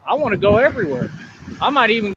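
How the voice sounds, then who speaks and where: A man's voice: high-pitched, big pitch swings, fast. A man livestreaming outdoors, talking in a boastful, rambling way to his chat. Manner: swaggering, rambling. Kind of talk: boastful live-stream chat. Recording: lo-fi stream audio with street noise.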